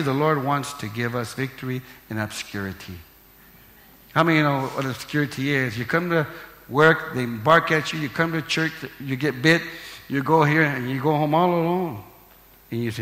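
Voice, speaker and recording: An older male pastor preaches with emphatic swings between shouts and hushed tones, his voice bright and a touch high. The sound rings through a large church hall with a long, echoey reverb. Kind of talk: live sermon.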